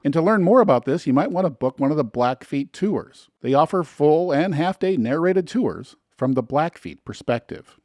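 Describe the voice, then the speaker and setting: A man's voice: a little high, lively intonation, normal speed, few pauses, darkish tone, dry recording, studio quality. A man narrating a scripted travel guide in an earnest, advisory voice-over. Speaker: travel video host.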